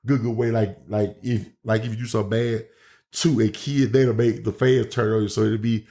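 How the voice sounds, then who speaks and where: A man's voice: on the low side, level tone, normal speed, mellow. Rambling man telling stories. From Memphis, Tennessee, USA. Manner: loose, rambling, many restarts and fillers. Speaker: pro wrestler, guest host. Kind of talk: casual storytelling chat.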